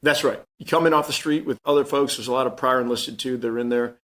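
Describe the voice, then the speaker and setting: A man's voice: medium pitch, quick pace, fairly bright tone. A man in his fifties, a Marine Corps general, telling his story plainly in an interview and acting out the dialogue he quotes. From Missouri.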